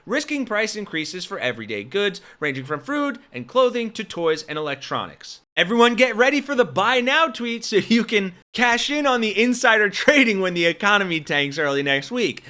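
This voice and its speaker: A man's voice: high-pitched, sing-song, moderate pace, hardly any pauses, sharp tone. A man hosting political commentary in a sarcastic, mocking manner.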